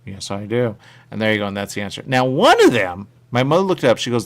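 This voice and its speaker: A man's voice: fairly low pitch, fast. A male radio show host chatting casually and rambling, repeating his catchphrases. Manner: repetitive, animated, catchphrase-heavy. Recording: radio studio mic.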